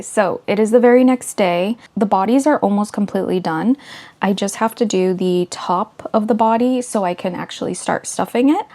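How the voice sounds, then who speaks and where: A woman's voice: medium pitch, dark tone. A woman vlogger talking casually and earnestly through her crafting progress. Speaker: crochet vlogger. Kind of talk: casual vlog voice-over.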